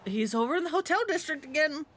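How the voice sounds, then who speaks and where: A woman streamer commenting excitedly on a video game, swearing and reacting loudly. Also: sits high, fast talker, a little hiss or hum. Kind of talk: gameplay commentary.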